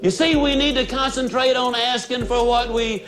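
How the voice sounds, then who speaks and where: A man giving a folksy, emphatic motivational speech to a live audience of salespeople, dropping his voice low for effect. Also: fairly even intonation, normal speed. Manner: folksy and emphatic, with sudden dramatic drops in voice. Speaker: motivational speaker. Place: stage before a live audience. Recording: music playing behind the voice. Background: background music.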